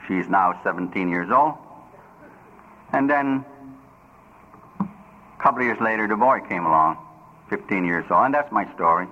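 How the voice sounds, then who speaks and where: A man's voice: on the low side, expressive, normal speed, pauses often. An older man telling his personal story at a recovery meeting, humorous and plain-spoken with broken grammar. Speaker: recovery speaker. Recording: dull lo-fi recording with faint noise.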